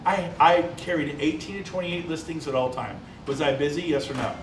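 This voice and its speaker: A man giving a live business presentation, energetic and quizzing the audience with quick questions. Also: on the high side. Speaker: seminar presenter. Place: large event hall. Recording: echoey hall from far off, faint noise.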